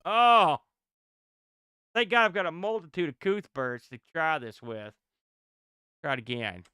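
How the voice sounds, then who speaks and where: An excitable man commentating his own retro gameplay, his voice jumping all over the place as he yelps, groans and laughs. The tone is bright and crisp, and the sound is close and dry with no room around it. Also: on the high side, moderate pace, dry recording. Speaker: streamer playing retro games.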